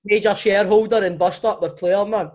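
Man, Scottish accent, slightly high pitch, lively casual chat. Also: fairly quick.

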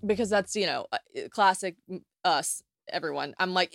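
A woman's voice: on the low side, normal speed, gravelly, no echo. Young american woman chatting on her podcast, swears a lot, acts out what people said, dry close mic. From United States. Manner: chatty, animated storytelling with swearing and acted-out quotes. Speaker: podcast host. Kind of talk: casual solo podcast chat.

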